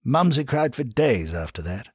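A man's voice: medium pitch, very animated, normal speed, husky, no echo, clean studio sound, pitched above the performer's own voice. A man voicing a condescending, upper-class English older brother with a plummy, pompous drawl, in an audiobook reading.

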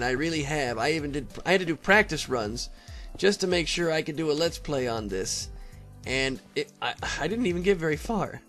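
A man's voice: medium pitch, a bit bright. A man giving casual, rambling commentary over his own gameplay, talking to the monsters and often laughing. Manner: rambling, talks to mobs, frequent laughs and throat clearing. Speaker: Let's Play gamer.

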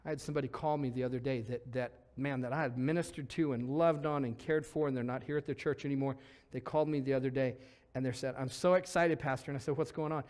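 A man preaching a lively sermon as pastor in a church, acting out voices as he goes. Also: medium pitch, quick pace, few pauses. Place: church sanctuary.

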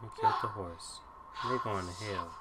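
A woman commenting on her own playthrough of a video game, swearing and yelling at what happens on screen. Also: a bass voice, moderate pace, heavy background noise. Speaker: gamer streaming a playthrough. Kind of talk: let's play commentary. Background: loud game music.

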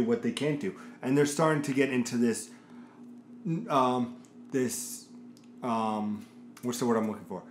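A man co-hosting a casual gaming chat, rambling and searching for words as he talks. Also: mid-range voice. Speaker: podcast co-host. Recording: echoey room, faint noise.

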